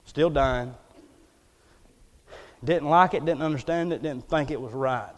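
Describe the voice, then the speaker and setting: A man preaching a folksy, emphatic storytelling sermon. He swings between loud bursts and hushed asides. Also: on the high side, a little slow. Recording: long hall reverb.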